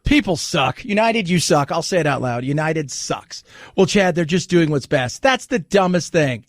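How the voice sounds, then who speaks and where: A man's voice: fairly high pitch, animated, moderate pace, no echo. A male talk radio host in his forties giving an indignant, sarcastic rant into a studio microphone. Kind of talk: opinionated talk radio monologue.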